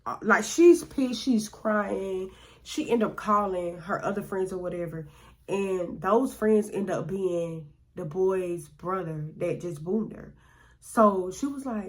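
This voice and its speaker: Woman, storytime vlogger, casual, slangy, conversational, acts out quotes. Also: medium pitch.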